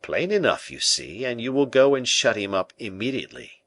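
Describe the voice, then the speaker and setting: A man voicing a calm, self-possessed schemer in an audiobook, persuading and giving orders with smooth assurance. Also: medium pitch, normal speed, no echo, voice pushed up. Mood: coolly persuasive. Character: cool, scheming male musketeer-bishop. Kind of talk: audiobook character reading.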